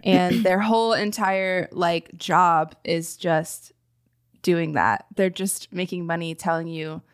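A woman co-hosting a podcast in casual chat, measured and critical, with lots of fillers. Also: on the low side, fairly even intonation, smooth. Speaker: podcast co-host.

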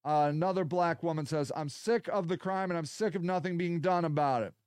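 A man hosts a casual solo podcast, reading viewer comments aloud and answering them in a rambling, sarcastic way. His voice sits high and sounds smooth and clear. The mic is close and dry, with no room sound. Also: a little fast, darkish tone, no room sound. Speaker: podcast host.

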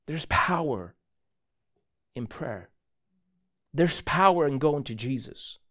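A man preaching a sermon as a pastor, telling a story in an animated way and often correcting himself mid-sentence. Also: on the high side, slow pace. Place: church.

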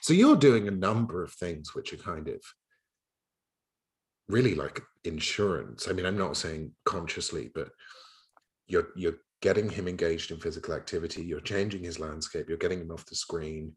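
A man hosting a conversational interview, with a very deep voice. He is wry and thoughtful and steers the talk with leading questions. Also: lively intonation, normal speed. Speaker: interviewer and host.

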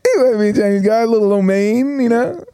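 A man's voice: sits high, fast, smooth. A man hosting a casual podcast, telling crude stories with lots of laughs. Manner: crude, laughing, animated storyteller. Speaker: podcast host. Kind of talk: casual sports podcast banter, storytelling.

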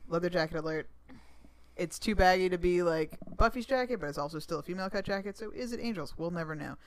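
A podcast co-host in casual chat, making wry, quick remarks. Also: medium pitch.

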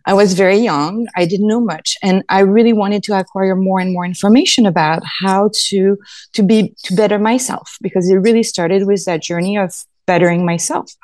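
A woman's voice: mid-range voice, darkish tone, no echo. A woman with a French accent, a chiropractor guest telling her story in a podcast interview, earnest and rambling.

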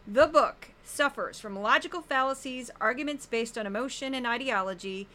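A woman from the US Midwest hosting a political commentary podcast in an animated, sarcastic, jokey way. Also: fairly high pitch, normal speed. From St. Louis, US Midwest. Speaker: podcast host.

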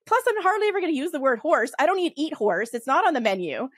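Fast-talking Western Canadian woman, dry sound. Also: sits high, no echo. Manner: fast, animated, laughs often, many restarts. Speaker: podcast guest. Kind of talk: casual interview talk.

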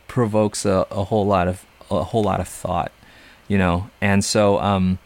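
A man giving a casual spoken book review, thoughtful and digressive, often breaking into chuckles. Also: deep voice. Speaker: comics reviewer.

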